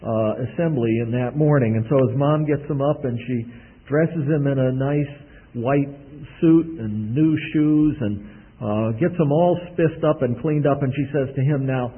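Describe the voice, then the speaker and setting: A man preaching a sermon in a homey storytelling manner, often clearing his throat, with a husky voice. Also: mid-range voice, unhurried. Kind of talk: sermon with a told illustration. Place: church service. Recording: tinny phone-like recording.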